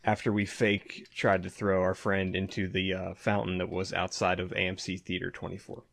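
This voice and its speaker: A young man co-hosting a podcast, chatty and quick to laugh along while telling his own story. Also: deep voice, monotone, gravelly, fairly bright tone. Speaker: podcast co-host. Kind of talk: casual chat.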